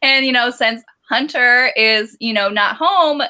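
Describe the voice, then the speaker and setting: Chatty, giggly woman co-host with a bright, slightly high voice. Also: measured pace. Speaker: book podcast co-host. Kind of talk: casual book discussion.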